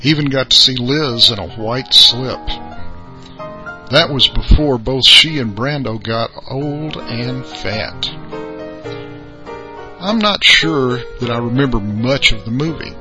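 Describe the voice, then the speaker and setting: Man reading a short story, slow and folksy, music underneath. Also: mid-range voice. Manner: folksy, unhurried. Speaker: podcast contributor.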